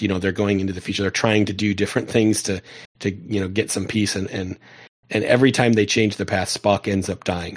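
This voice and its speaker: A man casually recapping a TV episode with a friend, talking in loose, filler-heavy sentences. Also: lowish voice. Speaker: podcast co-host. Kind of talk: casual discussion.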